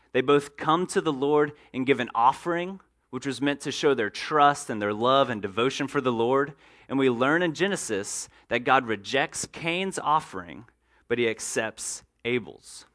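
A man's voice: medium pitch, fairly bright tone. A man preaching a sermon as pastor, earnest and direct, sometimes acting out everyday moments to make a point.

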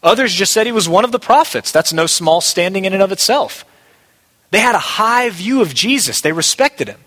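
A man's voice: sits high, animated, moderate pace, fairly bright tone. A male pastor preaching a sermon, emphatic and repeating key phrases for weight. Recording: long hall reverb.

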